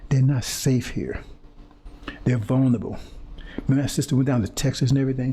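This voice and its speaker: This preacher has a medium-pitched, dark-toned voice and speaks briskly but with long pauses, with a little hiss or hum in the recording. He's fiery and confrontational toward his audience, repeating himself and stammering or restarting as he gropes for words.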